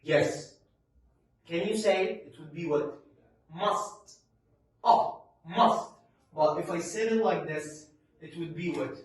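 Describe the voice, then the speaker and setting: A man with an Egyptian accent and Arabic as his first language gives an English pronunciation lesson in a slightly high voice. He stresses each model word and poses questions he answers himself. His voice rings through a very echoey room, picked up from a distance. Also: darkish tone. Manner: drawn-out, emphatic model words, asks and answers himself.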